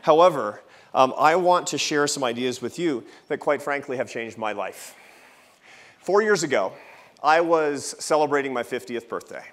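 A man's voice: medium pitch, lively intonation, normal speed, a bit bright. A man in his fifties giving a keynote talk at a festival, telling a personal story with wry asides. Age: 50s. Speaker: think-tank president giving a festival talk. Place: large event hall with an audience.

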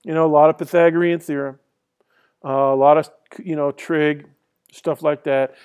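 Guy lecturing a class, high voice, rambly, lots of uh and you know. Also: level tone, moderate pace, a little mellow, clear, resonant tone. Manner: rambling and conversational, many fillers and restarts. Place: lecture hall.

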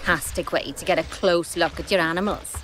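Woman voicing a lower, witty zookeeper mentor. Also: a little fast, a loud crowd, natural voice. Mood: cheerful. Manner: upbeat, dryly joking instructions. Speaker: in-game tutorial guide. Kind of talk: scripted game dialogue.

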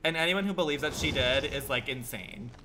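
Streaming a game, this man keeps up a casual chat with viewers that's campy, sassy and full of swearing and meandering rhetorical questions. He speaks a little high and a little fast, with a bright, forceful tone, over a slight hiss or hum.

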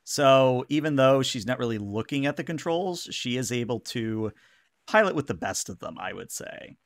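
A man's voice: mid-range voice, lively intonation, moderate pace, no echo, studio quality. A man narrating a tabletop game as game master, describing scenes with frequent fillers.

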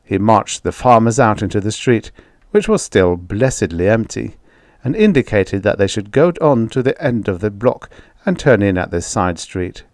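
Brief: male audiobook narrator, slightly low voice, measured delivery, dry close mic. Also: dry recording. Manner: measured, even storytelling. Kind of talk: scripted story narration.

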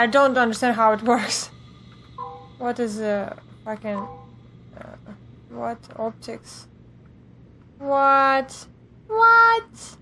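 A woman's voice: on the high side, fairly bright tone, slight background noise. A woman giving let's play commentary, talking to herself in a jumpy way and swearing at the game. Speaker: gameplay streamer.

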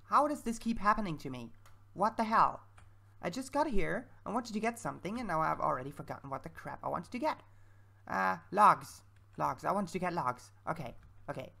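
Female let's-play creator, low gravelly voice, casual chatty commentary. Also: lively intonation, a little fast, pushed and bright. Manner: thinks aloud, chatty and self-mocking.

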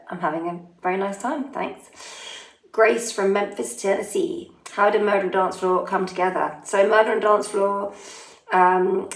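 A woman in her forties chatting casually as she reads out fan questions and answers them one by one, friendly and a little self-deprecating. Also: lowish voice. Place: holiday home in Italy, family in next room. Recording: roomy echo.

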